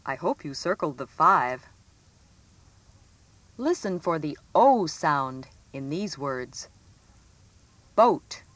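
A woman reading a scripted phonics lesson for children, stressing each example word clearly. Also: sits low, animated, pushed and bright, dry recording. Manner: slow, clearly enunciated, sing-song emphasis on example words. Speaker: teacher.

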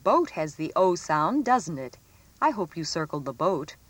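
Woman teacher, deep-set voice, lively rising and falling delivery, reads a children's phonics lesson slowly and clearly. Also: dry recording. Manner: slow, clearly enunciated, sing-song emphasis on example words.

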